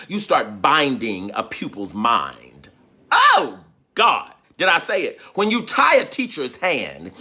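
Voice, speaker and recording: A man hosts a livestream as a teacher, his fairly high voice pushed and bright with a breathy edge. He talks in a fervent, preaching style, repeating his phrases and calling out viewers by name.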